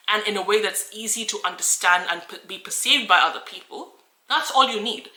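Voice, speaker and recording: A woman's voice: mid-range voice, sharp tone, echoey room, rough recording. A woman from Australia who coaches English, talking earnestly and encouragingly to camera with frequent restarts. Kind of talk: talking-head video.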